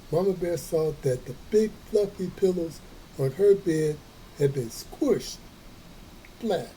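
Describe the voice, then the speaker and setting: A man reading a children's story aloud, slow and folksy, with playful chatty asides. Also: high-pitched, animated, mellow, a little hiss or hum, low-quality recording. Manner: slow, folksy, adds playful comments to listeners.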